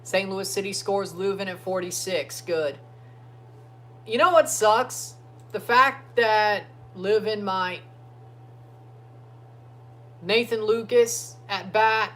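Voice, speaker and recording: A man hosting a casual sports watchalong livestream from his phone, talking loosely and breaking into excited chants for players. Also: high-pitched, slow pace, pauses often, slight background noise. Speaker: livestream host. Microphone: phone streaming app.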